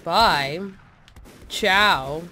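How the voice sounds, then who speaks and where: Young woman doing game commentary, bit slow, excitable, yells at her units. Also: fairly low pitch, slight background noise. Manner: excitable, swearing, shouts orders at troops. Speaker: gaming streamer. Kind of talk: let's play commentary.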